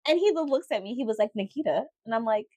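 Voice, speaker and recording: A woman with a high voice that swoops up and down, co-hosting a relaxed podcast. She tells stories with lots of slang and emphasis. The sound is dry and close. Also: rapid-fire, dry recording. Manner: animated storytelling, slangy and emphatic. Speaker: podcast co-host. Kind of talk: casual chat.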